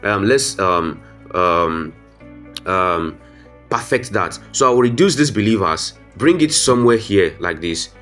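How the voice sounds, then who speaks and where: A man teaching a graphic design tutorial step by step. He keeps addressing viewers as "guys" and often pauses with "um". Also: deep voice, animated, a bit bright, soft background music. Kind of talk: screen-recorded software tutorial.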